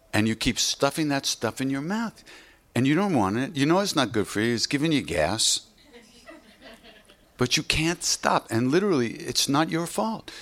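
A man's voice: mid-range voice, fairly bright tone. A man giving an informal spiritual teaching talk in a loose, conversational way, often saying "you know".

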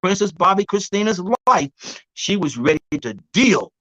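A man being interviewed as an herbal healer, telling stories in a lively, demonstrative way, laughing often and acting out what others said. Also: high voice, moderate pace, no room sound, muffled recording. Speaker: guest herbalist. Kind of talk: animated storytelling interview.

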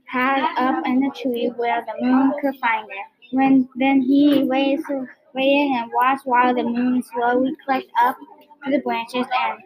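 High-voiced woman reading a story aloud. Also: flat delivery, highs cut off. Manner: halting, with restarts and repeats. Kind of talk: reading a picture book aloud. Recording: crowd heard behind.

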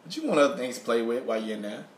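A man's voice: medium pitch, very animated, very fast. A man co-hosting a podcast in casual banter, blunt and laid-back, often giving short replies. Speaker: podcast co-host. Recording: echoey room, faint hiss.

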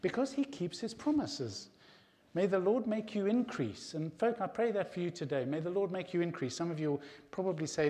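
A middle-aged man preaches to his congregation in an earnest, direct way, calling them "folk". His voice sits a little high for a man, and the sound carries the long reverb of a church hall. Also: lively intonation, brisk, warm tone. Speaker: pastor. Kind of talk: sermon.

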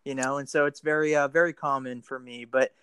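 A man with an American accent hosting a casual podcast interview, friendly and quick to laugh, with plenty of fillers. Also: medium pitch, fairly even intonation, fairly bright tone, clear, resonant tone, no echo. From United States. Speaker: podcast host.

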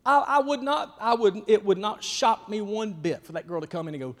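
A man, a youth pastor preaching in a folksy, emphatic storytelling style that swings from hushed to loud. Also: sits high, brisk, hardly any pauses. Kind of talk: storytelling sermon. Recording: long hall reverb.

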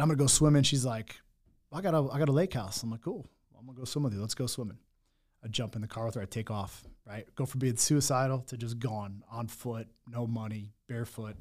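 Guy telling his rough story, raw and blunt, cussing, lots of restarts. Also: mid-range voice, a little fast, darkish tone. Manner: raw, blunt, swears often, many restarts. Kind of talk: candid personal storytelling.

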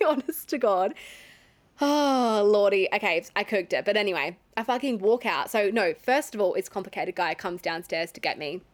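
A woman's voice: medium pitch, lively intonation, normal speed. Chatty young Australian woman. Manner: chatty, lots of fillers and swearing, laughs often. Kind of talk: casual storytelling.

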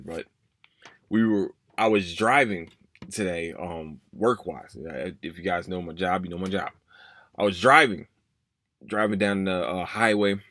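In a casual personal monologue, a podcast host in his 30s rambles through an emotional story, repeating himself as he goes. He has a deep, somewhat bright voice, captured as a dry, clean studio recording.

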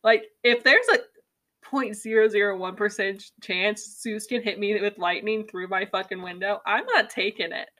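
A woman's voice: medium pitch, moderate pace. A young woman in a casual book chat, talking bluntly and swearing often. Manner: blunt, profane, animated. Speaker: podcast co-host.

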